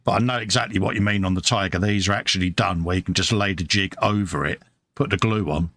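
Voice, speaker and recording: A man's voice: deep voice, quick pace, a bit bright. A British man co-hosting a casual live stream from his hobby workbench, chatting and reading viewer comments aloud, calling everyone mate. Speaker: live show co-host.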